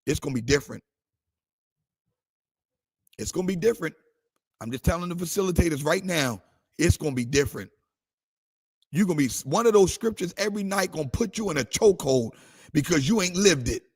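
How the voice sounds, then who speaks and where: A pastor preaches passionately to a livestream audience, his fairly high voice quick, lively in intonation, and edged with breath. He works in call-and-response and drifts into sung phrases.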